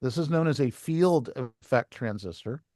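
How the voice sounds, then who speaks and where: A man's voice: mid-range voice, animated, moderate pace, warm tone, no echo. A man teaching a licensing class, explaining step by step at a whiteboard and asking the students questions.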